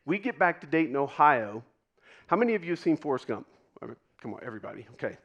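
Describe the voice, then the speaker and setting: A man's voice: fairly high pitch, big pitch swings, dull audio. Man telling a personal story onstage. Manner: dramatic pauses, drops to a hush for quoted moments. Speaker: keynote speaker. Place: stage before a live audience.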